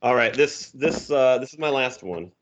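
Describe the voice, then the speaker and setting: A man's voice: mid-range voice, expressive, normal speed, dull audio. A man co-hosting a podcast, a teacher, casually reading comic strips aloud and chuckling as he explains them. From Minnesota. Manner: easygoing, chuckling storyteller.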